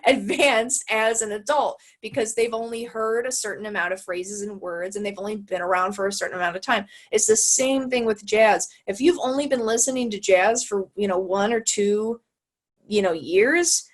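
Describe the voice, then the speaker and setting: A young American woman talking on a video call, thinking aloud and hunting for the right words. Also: mid-range voice. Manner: searching for words, halting and thoughtful. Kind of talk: casual video call chat.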